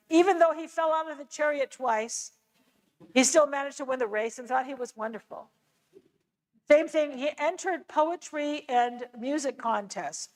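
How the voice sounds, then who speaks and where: An American woman with a high voice teaches an adult church class. She explains in a relaxed, conversational way and drops in casual asides as she goes. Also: low-quality recording. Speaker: lecturer on scripture. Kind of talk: church adult-education lecture.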